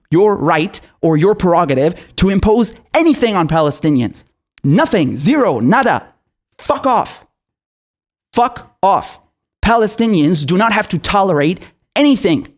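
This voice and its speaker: Commentator, male, high voice, furious and sweary, sarcastic rant. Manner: furious, profane, sarcastic, repeats himself; mocking mimicry in asides. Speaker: political commentator. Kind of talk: angry political rant to camera.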